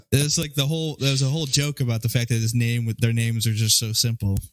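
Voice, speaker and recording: A man co-hosting a podcast in casual chat, telling jokes with animated delivery and laughing at his own punchlines. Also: medium pitch, dry recording. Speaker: podcast co-host.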